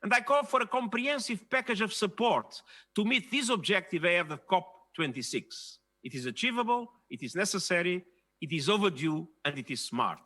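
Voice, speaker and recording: A man delivering a formal prepared speech to a virtual conference in an emphatic, measured and rhetorical way. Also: high voice, animated, bright, forceful tone. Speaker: UN leader giving a speech.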